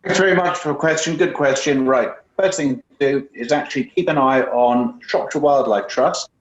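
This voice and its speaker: Campaigner man on roomy, muffled call audio. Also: mid-range voice. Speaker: campaign guest. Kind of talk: answering a question on a video call. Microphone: computer mic on a video call.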